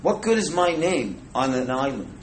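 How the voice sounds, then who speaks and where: A man's voice: mid-range voice, sing-song, normal speed, a little hiss or hum, rough recording. Male Torah teacher, mid-range voice, chatty lecture style with jokes and Hebrew terms. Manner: conversational, jokes with the audience, Hebrew and Yiddish terms. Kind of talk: informal Torah class.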